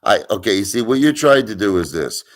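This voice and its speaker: A middle-aged livestream host from Brooklyn, New York, with a lowish, sing-song voice speaks fairly quickly. He tells stories and rants bluntly and emphatically, swearing casually.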